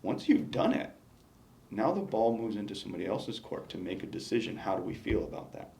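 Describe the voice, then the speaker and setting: A gravelly man with a low voice talks in an exit interview. He reflects on his time as a battalion chief, stressing his points with emphasis and frequent restarts. The room sounds echoey, with faint noise behind. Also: sing-song, fairly quick, dark tone. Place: indoor meeting room.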